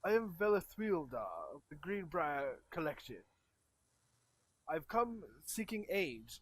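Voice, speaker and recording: A man's voice: on the high side, big pitch swings, takes it slowly, a bit bright, breathy edge, heavily acted. A man voicing a formal, earnest male druid envoy who pleads for help.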